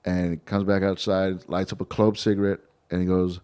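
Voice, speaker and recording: A man co-hosting a comedy podcast, telling a road story in a loose, profane, animated way and acting out the people in it. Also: sits low, normal speed, clear, resonant tone.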